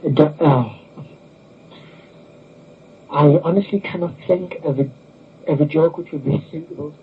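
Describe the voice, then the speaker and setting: Deadpan British man on a tinny line. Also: a little high, measured pace, slight background noise. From United Kingdom. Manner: dry, deadpan, understated. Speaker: guest. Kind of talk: casual chat. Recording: tinny phone-like call audio.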